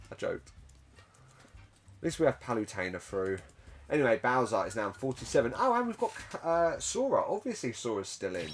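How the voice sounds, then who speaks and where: A man with a lowish, gravelly voice offers laid-back, talkative commentary on a fighting game tournament where the computer controls the fighters, getting excited and cracking self-deprecating jokes along the way.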